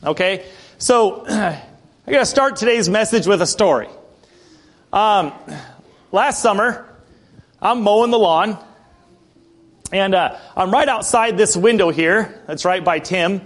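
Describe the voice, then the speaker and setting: A male preacher giving a sermon in a conversational storytelling way, often clearing his throat. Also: sits high, slow, long pauses. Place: church building.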